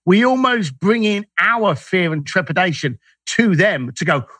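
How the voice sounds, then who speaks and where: A man tells stories as an interview guest, and his high voice swoops up and down as he acts out the lines of people he quotes. His tone is bright and a little husky. The recording is close and dry. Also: a little slow, no room sound. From Irish, raised in East London. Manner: animated, acts out quoted dialogue. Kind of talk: storytelling interview talk.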